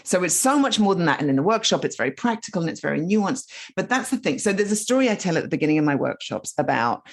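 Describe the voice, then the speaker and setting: Lively husky-voiced woman coach. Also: lowish voice, fast talker, few pauses. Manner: animated, explaining with many asides. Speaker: guest, storytelling coach. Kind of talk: casual podcast conversation.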